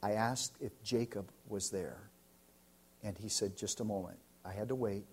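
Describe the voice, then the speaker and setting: An American man, a pastor, preaching a sermon and telling a story, swinging from loud to hushed. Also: fairly low pitch, moderate pace, slightly rough. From United States.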